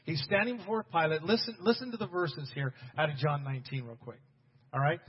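A pastor delivers an energetic sermon, pushing his words out in emphatic bursts and calling back to the congregation. His voice sits high for a man and has a husky grain. The recording sounds a little muffled and dull. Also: brisk, in a large hall. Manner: emphatic, rising to loud bursts, addressing the congregation directly.

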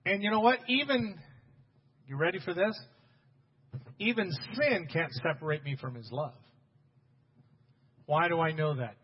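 A man preaching a sermon as pastor, talking straight to his congregation and building to loud, emphatic bursts. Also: a little high, a little slow, long pauses, in a large hall, dull audio, slight background noise.

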